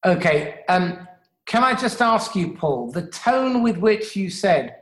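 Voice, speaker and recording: A coach explains communication techniques on a radio show, talking fast and checking in often with "yeah?". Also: mid-range voice, very animated, roomy sound, rough recording. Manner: quick, instructive, checks in with "yeah?".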